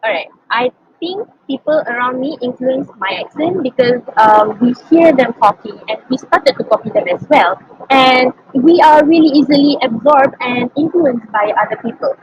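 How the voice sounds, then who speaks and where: High-voiced young Malaysian woman. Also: lively intonation, moderate pace, a little hiss or hum, poor audio. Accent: Malaysian English. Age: young adult. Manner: earnest, thinks aloud with many ums. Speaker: interviewee. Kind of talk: student interview answers.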